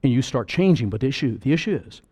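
A middle-aged man preaching a sermon, emphatic, swinging between loud declarations and quiet, slowed-down asides. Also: mid-range voice, animated.

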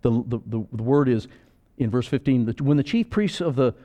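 A man preaching a sermon as pastor, animated and acting out voices, moving between loud and soft. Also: mid-range voice, normal speed.

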